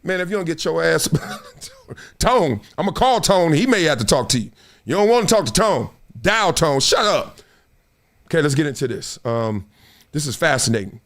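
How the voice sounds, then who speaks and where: Animated, high-spirited male show host. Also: normal speed. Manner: animated, profane, acts out scenes. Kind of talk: casual commentary show.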